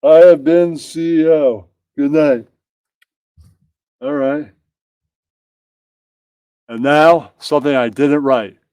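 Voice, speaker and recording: Guy reading filthy jokes deadpan, smooth mellow voice, dry close sound. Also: a little high, slow, long pauses, dry recording. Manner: profane, deadpan, tags jokes with "that's right". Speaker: comedy reader. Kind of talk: reading out a crude comedy bit.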